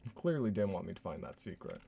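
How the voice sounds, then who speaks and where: A man's voice: deep voice, very animated, fast, vocal fry, mellow, slight background noise. A man playing a horror game live, joking and laughing as he reads notes aloud in a put-on voice. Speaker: streamer.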